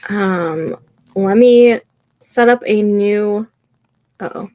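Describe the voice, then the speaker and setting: A woman hosting a casual live stream of writing sprints, stuffy from allergies, reading viewer comments aloud and reacting with unhurried encouragement. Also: medium pitch, dark tone. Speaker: livestream host running writing sprints.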